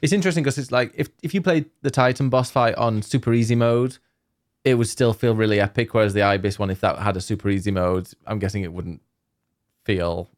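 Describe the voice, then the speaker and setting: A man's voice: on the low side, steady tone, a little fast. A man co-hosting a casual podcast chat, teasing his partner and reading out award nominees. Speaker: podcast co-host.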